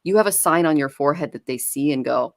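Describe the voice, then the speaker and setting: A woman's voice: sits low, fast, creaky, dry recording, clean studio sound. A woman giving a live psychic reading about a pet, chatty and caring, laughing as she talks. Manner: warm, chatty, laughs while talking. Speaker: psychic reader.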